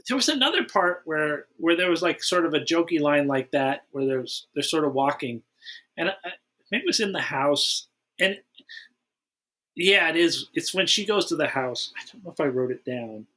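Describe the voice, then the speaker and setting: A man's voice: a little high, lively intonation, moderate pace, sharp tone. A man hosting a casual movie podcast, fondly retelling scenes in a rambling way. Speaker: podcast host. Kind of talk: casual film chat.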